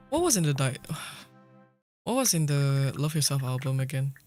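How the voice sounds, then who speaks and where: A man chatting casually and playfully with his viewers while streaming a game, swearing lightly and laughing often. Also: medium pitch. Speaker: livestreamer. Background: faint background music.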